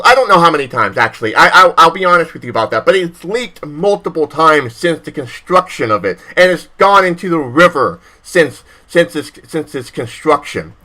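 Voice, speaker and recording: A bright, forceful young man's voice, slightly higher than most men's. He hosts a live stream, swearing freely and repeating himself, then slows into reading text aloud and trips over longer words. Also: poor audio. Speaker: stream host. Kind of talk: heated political rant and reading aloud.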